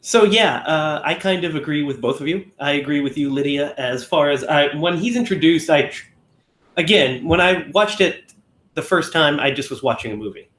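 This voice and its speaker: A man's voice: on the high side, expressive, moderate pace, fairly bright tone. Rambling man in an echoey room. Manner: rambling, self-correcting, often acts out lines. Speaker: podcast co-host. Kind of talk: casual film discussion.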